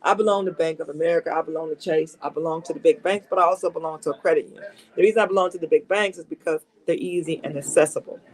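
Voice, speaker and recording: Low-pitched and rapid-fire, this woman sells cars and offers casual advice to camera while seated at her dealership desk. A cold is coming on as she talks, and her chatty, emphatic style keeps circling back to repeat the key points.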